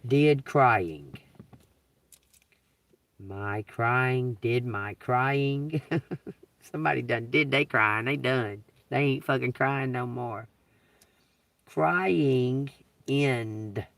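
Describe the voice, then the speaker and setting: A man live-streaming a psychic reading from inside a car, talking slowly, spelling out letters and swearing casually. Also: medium pitch, vocal fry, fairly bright tone, no room sound, distant mic.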